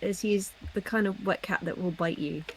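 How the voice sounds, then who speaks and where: A woman's voice: mid-range voice, fairly even intonation, fairly quick, background noise. A woman co-hosting a drawing stream, making offhand joking asides as she works. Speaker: livestream co-host and artist. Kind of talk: casual chat while drawing.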